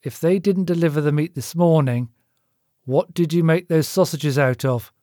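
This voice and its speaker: A man voicing a worried middle-aged male butcher, gruff and exasperated. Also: fairly high pitch, normal speed, mellow, no echo, studio quality, lightly acted. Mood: tense.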